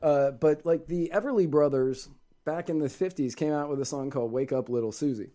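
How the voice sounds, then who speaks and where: Wry male co-host, slightly high voice. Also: brisk, warm tone. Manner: joking, wry. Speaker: podcast co-host. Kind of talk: casual live show banter.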